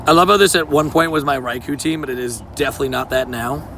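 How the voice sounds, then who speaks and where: A man's voice: mid-range voice, quick pace, gravelly, noisy background. A young man streaming casually to his live chat, laid-back and slangy, greeting viewers by name while outdoors.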